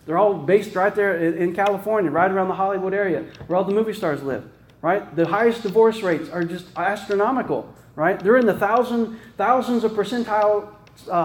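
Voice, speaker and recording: A man's voice: high-pitched, roomy sound. A man giving a conversational sermon, often tossing in "right?" and restarting his sentences. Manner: casual, peppered with "right?" tag questions and restarts. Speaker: preacher.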